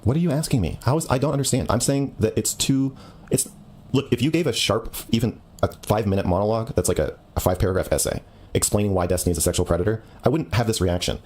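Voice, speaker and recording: A man debating a caller on a stream, talking bluntly and cutting in often. His voice sits very low. He speaks at a rapid-fire clip. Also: darkish tone. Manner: blunt, lecturing, interrupts. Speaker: streamer taking a call. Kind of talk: heated debate on a call.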